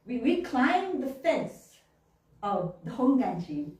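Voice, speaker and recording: A woman telling childhood stories during a sermon, animated and laughing often, acting out little voices along the way. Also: a little high, takes it slowly. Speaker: minister. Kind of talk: storytelling sermon. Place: church hall. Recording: very echoey room, mic at a distance.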